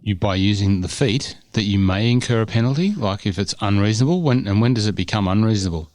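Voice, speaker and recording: Fast-talking man asking quick questions. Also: on the low side, darkish tone, no room sound. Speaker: podcast co-host asking questions. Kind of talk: casual podcast chat.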